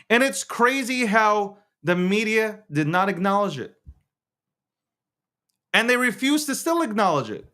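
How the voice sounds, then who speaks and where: A man's voice: high-pitched, very animated, measured pace, long pauses, pushed and bright. A man hosting a show, talking in a casual political rant, swearing, laughing often and restarting his words. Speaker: show host.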